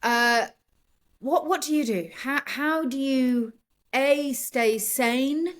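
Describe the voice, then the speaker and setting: A woman hosting a casual interview, chatty and quick to laugh, with loose, rambling questions. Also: sits high. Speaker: interview host.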